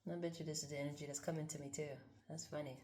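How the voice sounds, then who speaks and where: A woman's voice: deep voice, little pitch movement, very fast, roomy sound, very noisy. A woman reading cards and thinking aloud in a casual, candid way, swearing freely as she muses. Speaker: card reader. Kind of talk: casual spiritual card-reading monologue.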